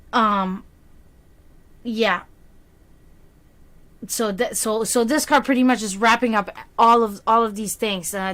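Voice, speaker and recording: A woman's voice: mid-range voice, fairly bright tone. A woman with a German accent, German her first language, rambling through a tarot reading on a live stream, using pet names and plenty of fillers. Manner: rambling, filler-heavy, affectionate. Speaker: psychic reader.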